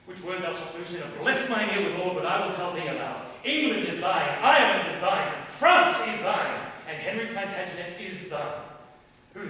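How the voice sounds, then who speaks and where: A stage actor plays a bluff, playful young English king wooing a French princess, delivering the verse in a teasing, declamatory way. His bright, fairly high voice leaps up and down. He sits far from the mic, well back on a large indoor theater stage, and long echoing reverb washes over the sound.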